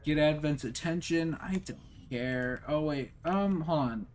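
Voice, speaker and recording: Slow-talking rambling gamer guy. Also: on the high side, darkish tone, slight background noise. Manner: rambling, self-deprecating, thinking aloud. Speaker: gaming streamer. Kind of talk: casual let's-play commentary.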